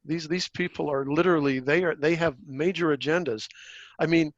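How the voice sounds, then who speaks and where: A blunt man with a slightly high voice, chatting on a podcast about politics. He swears easily and circles back through restarts as he talks. The sound is dry and a little dull and lo-fi. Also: steady tone, normal speed, no echo. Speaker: podcast co-host. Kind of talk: casual political chat.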